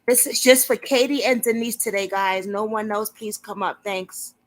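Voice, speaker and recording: A woman's voice: mid-range voice, moderate pace, low-quality recording. A woman hosting a casual livestream, chatty and informal, laughing often as she talks. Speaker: livestream host.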